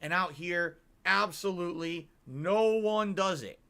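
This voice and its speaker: Bright-voiced middle-aged man rambling on. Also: sits high, a little slow, smooth. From Connecticut. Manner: long-winded, emphatic, checks in with the listener. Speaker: vlogger. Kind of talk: rambling vlog monologue.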